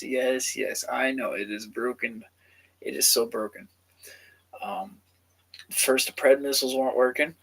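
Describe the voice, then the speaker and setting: A man's voice: medium pitch, fairly bright tone, husky, poor audio. A man in his thirties talking casually to camera as a gaming vlogger, rambling and swearing freely. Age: 30s. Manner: profane, rambling, laid-back.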